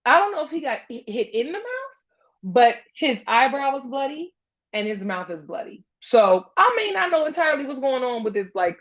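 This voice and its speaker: High-pitched lady laughing through a basketball fight clip, voice all over the place, dull lo-fi audio. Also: normal speed. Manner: animated and laughing, acts out players' lines. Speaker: host. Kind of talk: casual sports commentary over game footage. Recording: dull lo-fi sound.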